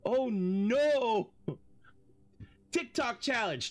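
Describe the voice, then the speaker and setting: A game streamer in casual let's-play commentary, reading in-game text aloud and bursting into loud laughter, with casual swearing. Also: mid-range voice, expressive, unhurried.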